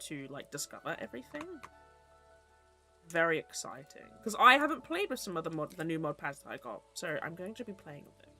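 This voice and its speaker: A young woman chats through a stream and drifts from topic to topic, swearing freely. Her voice is bright and clear, and her pitch swings up and down a lot. Soft music plays behind her. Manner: rambling, chatty, swears casually. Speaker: VTuber streamer. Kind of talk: casual stream chat.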